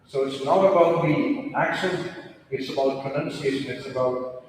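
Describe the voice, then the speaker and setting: A man's voice: medium pitch, moderate pace, slight background noise. A man, a pronunciation coach giving a stage talk, explaining step by step and quizzing the audience with rhetorical questions. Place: large auditorium stage. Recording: echoey hall, mic at a distance.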